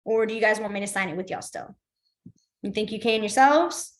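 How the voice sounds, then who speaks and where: A woman's voice: medium pitch, a little fast. A young woman teaching a beginners' class, upbeat and encouraging, with frequent fillers. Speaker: sign language teacher. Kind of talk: casual online class instruction.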